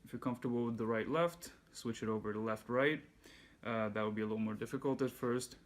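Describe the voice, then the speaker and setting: A man giving a handpan lesson, calmly explaining and counting beats aloud. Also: medium pitch, quick pace. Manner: relaxed, patient explaining, counts beats aloud while playing. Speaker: handpan teacher. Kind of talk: music lesson instruction. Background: handpan music.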